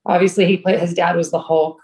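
A woman with a slightly low voice tells a long story in a loose, casual way. She is full of "like" and "um" and often restarts her sentences. Her pace runs fast and slow by turns. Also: flat delivery, a little mellow. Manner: rambling storyteller, many fillers and restarts. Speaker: filmmaker guest. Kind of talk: casual interview chat.

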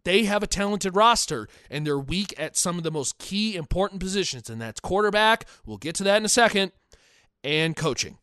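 Man, podcast host, blunt and digressive, crisp voice, dead-dry sound. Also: high voice, animated, normal speed, a bit bright, no room sound. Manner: opinionated, digressive, repeats himself. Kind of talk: sports podcast commentary reading fan comments.

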